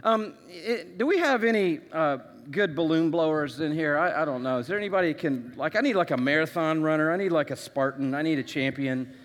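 A man's voice: fairly high pitch, brisk, hardly any pauses, big-room sound. A man preaching a sermon to a congregation, stacking emphatic phrases and adding playful asides to the crowd. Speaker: pastor. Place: church auditorium.

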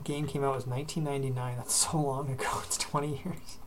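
A man hosting a casual podcast, joking and crude and quick to laugh. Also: mid-range voice, flat delivery, slight background noise. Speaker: podcast host.

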